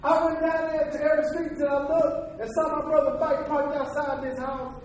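A man's voice: very high voice, level tone, moderate pace, a little mellow. A man telling a story from his own life as a sermon testimony, emphatic and folksy, with preaching asides. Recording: very echoey hall, from far off, faint noise.

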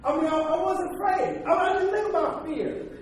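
High-voiced man preaching in an echoey hall. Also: moderate pace. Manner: emphatic, folksy storytelling with preaching asides. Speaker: preacher giving a testimony. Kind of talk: storytelling sermon testimony. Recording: very echoey hall, from far off, faint noise.

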